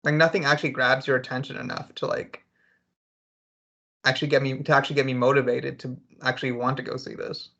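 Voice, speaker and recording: Bright man, slightly dull recording. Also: medium pitch, little pitch movement, fast, vocal fry. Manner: chatty, lots of "like". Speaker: co-host. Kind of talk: casual podcast chat.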